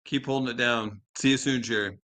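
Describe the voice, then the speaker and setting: A man with a bright, forward tone co-hosts a podcast. He drops short, friendly interjections in casual chat and steers the show to its close. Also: mid-range voice, steady tone, a little fast. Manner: brief interjections, wraps up the show. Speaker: co-host.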